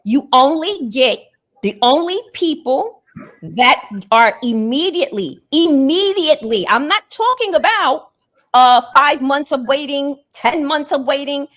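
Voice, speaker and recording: A woman's voice: high voice, animated, measured pace, a bit bright. A woman in a casual panel chat, insistently stressing what she calls facts.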